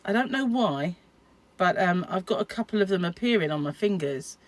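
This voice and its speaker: Middle-aged British woman, crochet vlogger; rambling, self-mocking chat in a somewhat low voice. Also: expressive, moderate pace. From United Kingdom. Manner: chatty and rambling, self-deprecating, laughs often. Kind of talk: casual chat to camera.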